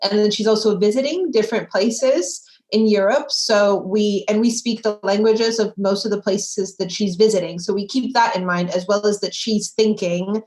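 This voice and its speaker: A woman talks through her writing process in an even, explanatory way, at a mid-range pitch. Her tone is conversational and unhurried. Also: poor audio. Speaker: guest author. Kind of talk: casual interview chat.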